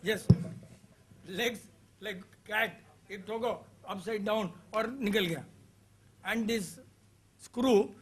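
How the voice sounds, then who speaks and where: A man's voice: sits high, takes it slowly, pauses often, slight background noise. An older man leading a therapy seminar, speaking in loose, clipped phrases. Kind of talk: informal seminar talk.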